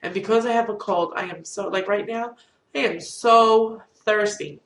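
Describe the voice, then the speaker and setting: Middle-aged woman vlogger with a cold, gravelly and rambling, recorded off-mic in a boomy room. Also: normal speed, fairly bright tone. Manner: rambling, candid, self-deprecating. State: has a cold. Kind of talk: casual storytelling to camera. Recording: roomy echo, distant from mic.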